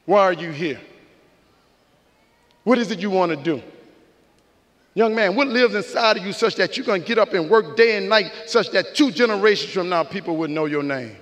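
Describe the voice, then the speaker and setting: High-voiced preacherly man in a big hall. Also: lively intonation, moderate pace, pauses often, a bit bright. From New Orleans, USA. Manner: preacherly, rhythmic, repeating phrases. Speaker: commencement speaker. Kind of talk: motivational speech. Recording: long reverb of a large hall.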